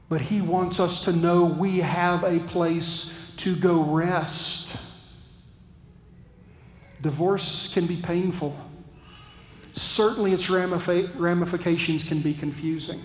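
A man preaching a sermon as pastor, earnest and reflective, with thoughtful pauses. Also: on the high side, fairly even intonation, reverberant, in a large hall, low-quality recording. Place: church.

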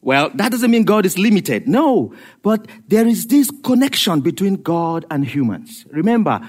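A male preacher with a high-pitched voice delivers a sermon. He talks in an animated, rhetorical style, asking questions and joking along the way. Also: moderate pace. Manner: animated, rhetorical, laughs at his own jokes.

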